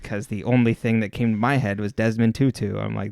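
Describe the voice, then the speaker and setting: A man's voice: on the low side, flat delivery, a little fast, gravelly, darkish tone, no echo, clean studio sound. A man co-hosting a podcast in casual chat, rambling and laid-back, with lots of fillers. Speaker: podcast co-host.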